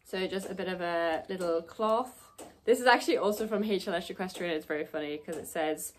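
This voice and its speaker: A woman's voice: on the low side, brisk, a little hiss or hum. Chatty young Irish woman vlogging. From Ireland. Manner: chatty, friendly, upbeat. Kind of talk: casual vlog walkthrough.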